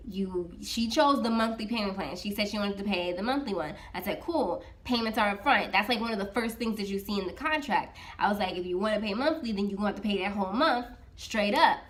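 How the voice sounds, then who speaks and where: A woman's voice: medium pitch, fairly quick, few pauses. A woman who works as a freelance social media manager, casually recounting a story to her camera with lots of "I was like" asides and acted-out dialogue. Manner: animated, retells dialogue with many "I was like" asides.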